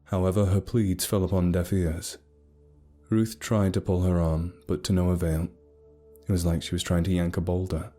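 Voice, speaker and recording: A man narrating a scripted horror story in a steady, grave storytelling manner. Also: low-pitched, normal speed. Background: soft music.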